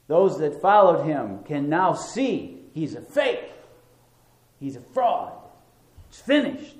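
A male preacher delivers a sermon slowly and deliberately, with a fairly high voice. He leans on single words for emphasis. The room adds a noticeable echo. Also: darkish tone. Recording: roomy echo.

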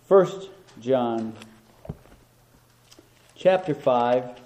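Slow, emphatic preacher in an echoey room. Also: male voice, medium pitch, lively intonation, warm tone. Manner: deliberate, emphatic, repeats words for stress. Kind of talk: sermon. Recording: roomy echo.

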